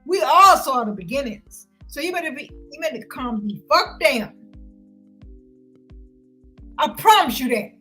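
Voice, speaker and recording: High, bright, heated woman ranting. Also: sing-song, a little slow, long pauses, faint music behind, rough recording. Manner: loud, heated and confrontational, with frequent cursing. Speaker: vlogger ranting to viewers. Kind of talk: profane livestream rant.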